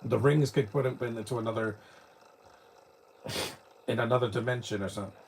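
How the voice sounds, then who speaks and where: A man's voice: medium pitch, steady tone, a little fast, gravelly, a little mellow, slight background noise. A man from New York, giving rambling, opinionated live commentary while watching a movie, often restarting his sentences. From New York, United States.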